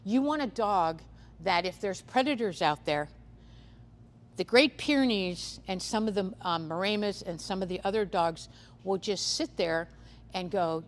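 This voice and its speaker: Speaking at a measured pace in a medium-pitched voice, this seminar presenter covers livestock guarding dogs and predators at a conference. Her style is conversational and full of "um" fillers and restarts. The room echoes, with a little background noise.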